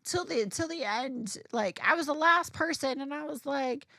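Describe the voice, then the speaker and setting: A woman's voice: high-pitched, animated, moderate pace, creaky, sharp tone, no room sound, studio quality. A woman guest on a casual podcast, telling a story candidly and animatedly, with plenty of swearing.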